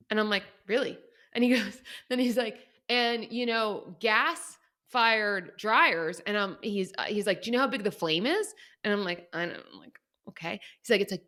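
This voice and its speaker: Young woman, podcast co-host, casual storytelling, animated, quotes others, laughs a lot. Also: mid-range voice.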